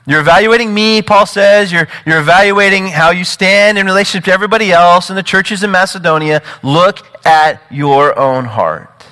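A man preaching a sermon with emphatic, animated delivery, often repeating words and building to urgent peaks. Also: sits high, moderate pace, hardly any pauses, long reverb tail, rough recording. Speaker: pastor.

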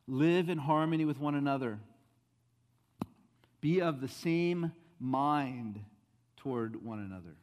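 A male pastor delivering a sermon in a church, his voice carrying a long hall reverb. He swings from loud, emphatic rises to quiet, low asides as he presses his points. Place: church sanctuary.

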